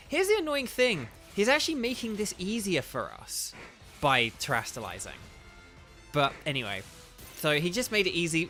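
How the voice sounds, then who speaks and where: A man's voice: a little high, pushed and bright. A man streaming a video game, giving casual commentary and playful asides as he reads the game's text aloud. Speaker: gaming streamer and voice actor.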